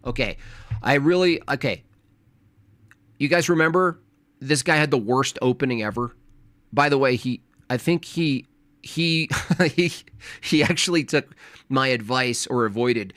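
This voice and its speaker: A man's voice: mid-range voice, a little slow, long pauses, a bit bright, dry recording. A man hosting a live stream, reacting to a debate clip in casual chat with a mocking, sarcastic manner.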